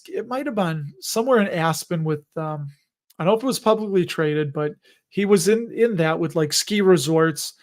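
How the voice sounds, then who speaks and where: A man in his late thirties or forties with a Chicago accent, hosting a livestream and chatting casually in a rambling, joking way. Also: on the high side. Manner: rambling, jokey, chuckles between remarks. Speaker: host of an investing livestream.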